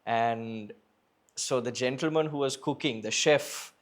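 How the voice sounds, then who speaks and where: A man from Sri Lanka hosts a casual interview podcast. He tells stories in a chatty, easygoing way and laughs often. His voice sits at an ordinary middle pitch. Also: a little slow. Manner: chatty storyteller, laughs a lot. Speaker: podcast host and English trainer.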